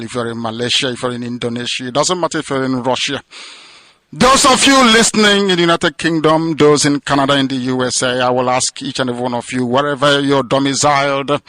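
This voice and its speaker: A man's voice: medium pitch, sharp tone, no room sound, poor audio. A man delivering an impassioned radio address, declamatory and building to fervent crescendos. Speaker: radio broadcaster. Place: prison release, speaking from abroad.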